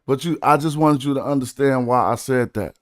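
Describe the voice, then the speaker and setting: A man's voice: medium pitch, a little fast, dry recording, studio quality. A man streaming casually, chatting. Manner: laid-back slang, breaks down rhymes syllable by syllable. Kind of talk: casual livestream chat about rap and study.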